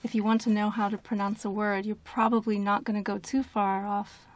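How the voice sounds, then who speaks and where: A woman's voice: medium pitch, level tone, fairly quick. A woman speaking as an interview guest, thinking aloud and searching for words with small restarts. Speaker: interview guest, publishing agent. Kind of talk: interview conversation.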